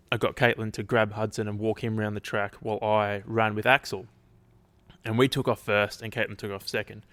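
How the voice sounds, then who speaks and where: A man's voice: on the low side, a bit bright, dry recording. A man hosting a casual solo podcast, rambling, restarting sentences and swearing offhandedly, his throat a little dry. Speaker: podcast host.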